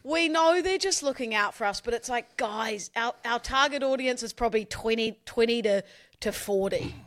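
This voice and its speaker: A young man co-hosting a podcast, chatty and quick, telling stories and teasing back. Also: very high-pitched, fairly bright tone. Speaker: podcast co-host. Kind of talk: casual banter.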